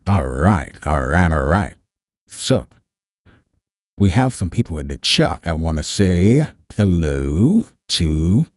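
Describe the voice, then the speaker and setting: Deep filtered male host, slow. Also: very animated, breathy edge. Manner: motivational, emphatic, slow. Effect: deepening voice filter. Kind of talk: casual livestream tutorial intro.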